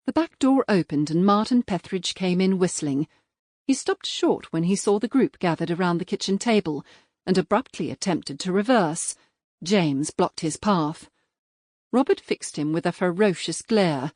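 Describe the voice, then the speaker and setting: A woman reading a mystery audiobook in a measured, even scripted narration. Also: lowish voice, no room sound, clean studio sound.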